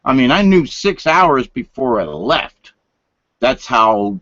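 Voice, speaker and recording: A man's voice: medium pitch, big pitch swings, slow, fairly bright tone, dry recording. An older man, rambling folksy and meandering through a late-night monologue at home. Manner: folksy, meandering, drops to whispers. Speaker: vlogger. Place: home room, lights turned down. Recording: dull lo-fi sound.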